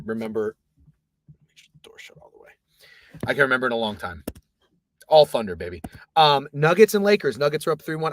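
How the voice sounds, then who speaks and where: A man hosting a casual sports betting chat from an office booth, talking loosely and profanely, rambling, at times hushed and at times loud. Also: mid-range voice, dry recording. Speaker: sports betting podcast host.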